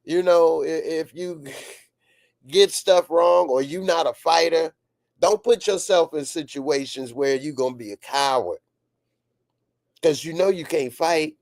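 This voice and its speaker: Unhurried, with a slightly high voice and vocal fry, this channel host gives a casual, excitable reaction to a TV episode. He laughs frequently and occasionally shouts, and the recording is dry.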